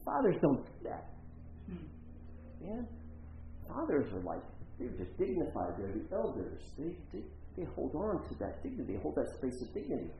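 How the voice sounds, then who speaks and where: A pastor with a voice on the high side swings hugely in pitch as he narrates a story and performs the voices of its people. He speaks at normal speed. The church recording is roomy and slightly dull, with slight background noise.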